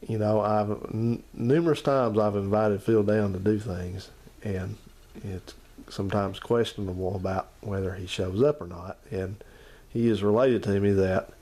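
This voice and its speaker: A channel host with a mellow voice on the low side chats casually to the camera and to his uncle. He rambles and repeats himself, addressing both his uncle and the viewers.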